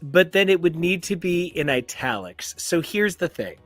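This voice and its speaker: A man's voice: fairly high pitch, very animated, normal speed, no room sound, faint music behind. A man co-hosting a comic book podcast, talking in a playful, theatrical and florid way. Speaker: podcast co-host. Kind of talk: casual comic book chat.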